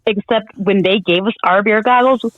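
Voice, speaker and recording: A woman's voice: medium pitch, moderate pace, dry recording, narrow, tinny audio. A woman guest in a casual podcast chat, sarcastic and swearing freely.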